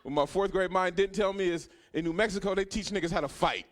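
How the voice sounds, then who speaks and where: A man in his thirties doing a stand-up comedy set, telling a profane story that swings from hushed asides to loud punchlines. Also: sits high, quick pace. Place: comedy club stage.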